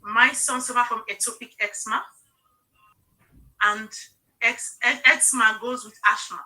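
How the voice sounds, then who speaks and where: Woman, middle-aged, live-stream host, earnest, keeps checking in with listeners, highish voice. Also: steady tone, measured pace, sharp tone, rough recording. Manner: emotional, personal storytelling. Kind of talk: casual live-stream sales talk.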